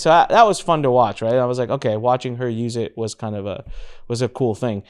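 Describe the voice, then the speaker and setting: A man in his thirties hosting a casual business talk, telling a story with lively acted-out quotes. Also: mid-range voice, brisk, clean tone. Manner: animated storytelling, acts out quotes. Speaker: podcast host.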